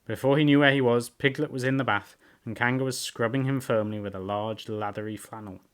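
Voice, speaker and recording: A man, a book reviewer, narrating a storybook aloud in a lively, expressive way. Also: mid-range voice, a little fast, clean tone.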